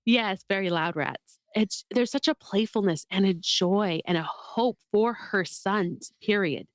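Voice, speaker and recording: A woman co-hosting a podcast, talking about a film in an animated, emotional, gushing way. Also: mid-range voice, a little slow, no echo, studio quality. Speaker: podcast co-host. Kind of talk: casual film discussion.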